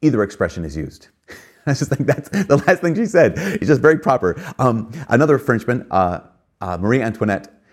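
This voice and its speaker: A man's voice: mid-range voice, very animated, moderate pace. A man giving a reflective spoken talk, earnest and conversational, with frequent fillers and emphatic rises.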